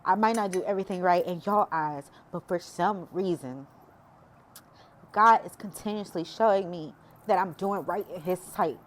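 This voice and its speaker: A woman's voice: on the low side, moderate pace. Woman vlogger, heartfelt testimony, preaches as she talks. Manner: emotional, preachy, addresses viewers as y'all. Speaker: faith vlogger. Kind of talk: personal testimony talk.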